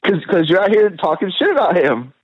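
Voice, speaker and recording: A mid-pitched man on a casual sports podcast, arguing gruffly and cursing. The recording is dull and lo-fi, and dry, with no room sound. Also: big pitch swings, brisk, dry recording. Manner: gruff, profane, argumentative. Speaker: podcast co-host.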